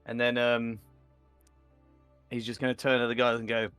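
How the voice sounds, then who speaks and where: A man's voice: mid-range voice, completely flat delivery, moderate pace, fairly bright tone, clear, resonant tone, soft background music. A man playing a tabletop game, joking playfully about his character. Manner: playful, jokey. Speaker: player. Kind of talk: playful tabletop role-play.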